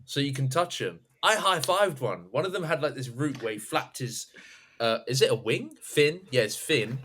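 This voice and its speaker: Animated young London man chatting. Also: mid-range voice, moderate pace, a little hiss or hum. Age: young adult. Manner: animated, laughs often, acts out others' lines. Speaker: podcast co-host. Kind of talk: casual chat.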